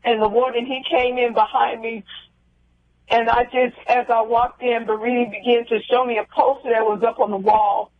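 A woman with a high voice, phoning in as a guest and telling her own story with heartfelt repetition. Her voice comes through a narrow, tinny phone line with a dry, close sound. She halts and restarts often. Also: level tone, normal speed, no echo. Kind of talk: emotional personal storytelling. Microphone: telephone.

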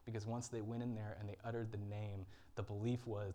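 Earnest low-voiced male preacher. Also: little pitch movement, a little mellow, a little hiss or hum. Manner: earnest, dramatic, with long pauses. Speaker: pastor. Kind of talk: sermon. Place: church.

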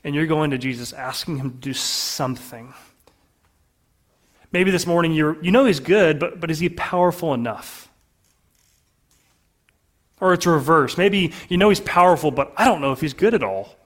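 A man preaching a sermon to his congregation in an earnest way, often dropping to a soft, low voice for emphasis. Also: moderate pace, long pauses. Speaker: pastor.

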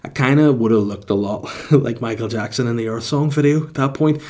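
A man's voice: mid-range voice, fairly quick, darkish tone. A man hosting a solo podcast in a casual, rambling, self-mocking way with plenty of swearing. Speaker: podcast host.

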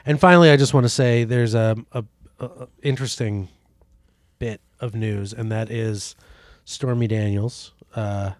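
Deadpan man hosting a comedy news bit. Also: lowish voice, normal speed, no echo, studio quality. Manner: deadpan mock-newsreader delivery. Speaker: podcast co-host. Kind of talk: comedic podcast banter.

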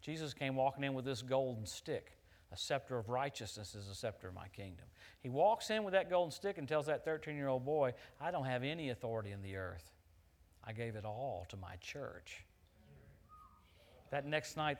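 A middle-aged man preaching a sermon, swinging between loud emphatic declarations and quiet, chatty storytelling, often laughing at his own anecdotes. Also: medium pitch.

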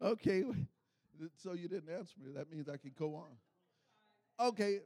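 A middle-aged man preaching a sermon, calling for responses from the congregation and swelling into shouts. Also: high voice, lively intonation, unhurried, pauses often, no echo.

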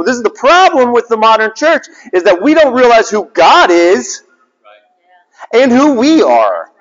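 A man's voice: very high-pitched, very animated, moderate pace, a bit bright. A man preaching a sermon, putting rhetorical questions to his listeners and repeating phrases for emphasis. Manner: repetition for emphasis. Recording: dull lo-fi sound with long reverb.

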